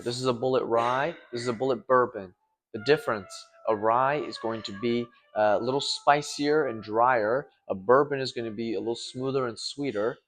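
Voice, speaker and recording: A man in a restaurant bar talks through its shelf of bottles at an easy, unhurried clip. His voice sits at an ordinary middle pitch, plain and relaxed, with the odd "uh" as he names one bottle after another. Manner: plain, relaxed listing with filler ums and uhs. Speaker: restaurant bartender. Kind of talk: casual walkthrough of a bar's bottles.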